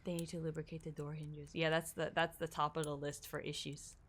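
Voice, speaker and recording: A woman's voice: sits low, level tone, a little fast, fairly bright tone, slight background noise. A young woman streaming a horror game, chatting casually and thinking aloud, easily spooked. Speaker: gaming streamer. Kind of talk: casual live-stream commentary.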